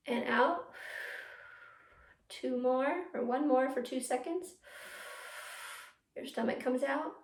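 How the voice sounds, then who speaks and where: A young woman teaching a youth theatre class from home, coaching the viewer through breathing warm-ups and practice lines. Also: a little high. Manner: encouraging, talks straight to the viewer, leads breathing drills. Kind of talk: virtual class to children at home. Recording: echoey room.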